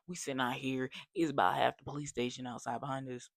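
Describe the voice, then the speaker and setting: A young adult man telling a casual storytime, animated and slangy, dropping to whispers for effect. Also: mid-range voice, fast talker, vocal fry, no room sound. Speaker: vlogger.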